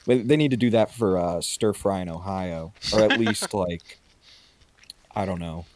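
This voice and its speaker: A low-pitched man keeps a measured pace as he co-hosts a podcast through a video call, with background noise present. His casual conversation rambles, and he swears freely.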